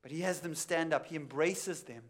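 A man preaching a sermon as pastor, building to emphatic peaks and then dropping to quiet, intense lines, repeating key phrases for weight. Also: fairly high pitch, normal speed. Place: church.

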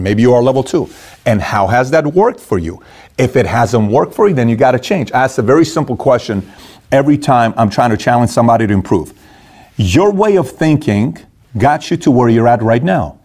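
A middle-aged man giving a motivational talk on handling conflict, animated and acting out the voices of people he quotes. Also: mid-range voice. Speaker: motivational speaker.

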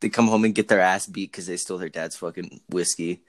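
Low-voiced young man, crude banter. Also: fairly even intonation, brisk, no echo. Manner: crude jokey banter, heavy swearing. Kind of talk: casual chat.

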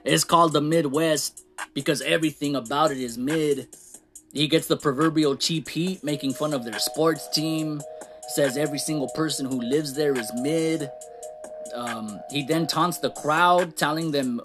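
A man ranting casually in a wrestling show review, animated, swearing and laughing at the shocking moments. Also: fairly high pitch, a little slow, faint music behind. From Latino. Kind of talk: casual recap rant.

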